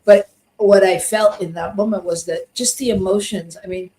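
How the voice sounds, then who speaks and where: A woman's voice: mid-range voice, fairly even intonation, normal speed, mellow, low-quality recording. A woman co-host of a spiritual talk show, chatting and telling a story with frequent restarts.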